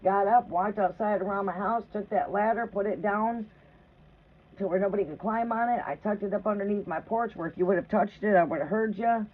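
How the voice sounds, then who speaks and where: Hosting a tarot live stream in her trailer home, a woman speaks briskly at medium pitch. She's conversational and profane, rambling through stories and regularly asking "right?". Her audio is tinny, like a phone, with faint background noise.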